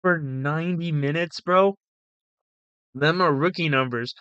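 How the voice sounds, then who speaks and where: A man's voice: fairly high pitch, a little slow, sharp tone, clear, resonant tone, no room sound, dull audio. A man giving casual reaction commentary on a stream, blunt and mocking, laughing often.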